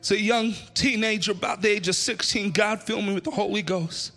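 A man preaching an impassioned sermon and altar call in a church, often shouting with a sing-song preaching cadence. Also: high voice, fairly even intonation, a little fast, soft background music. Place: church sanctuary.

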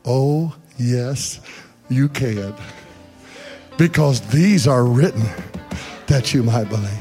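A man preaching a fervent sermon in a church, swinging between shouted passages and hushed speech. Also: mid-range voice, animated, takes it slowly, faint music behind. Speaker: pastor. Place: church sanctuary.

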